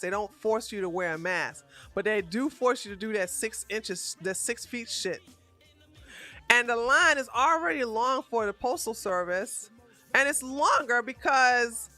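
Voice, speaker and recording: Blunt, profane woman ranting in a bright voice. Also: on the high side, expressive, moderate pace, soft background music. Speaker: political commentary host. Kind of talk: live-stream commentary rant.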